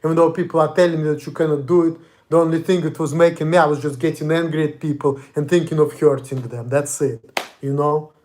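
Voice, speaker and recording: A man's voice: fairly high pitch, steady tone, fast talker, a little mellow. A young man from Russia with a Russian accent, ranting angrily and profanely in a confrontational monologue. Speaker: vlogger. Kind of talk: angry monologue.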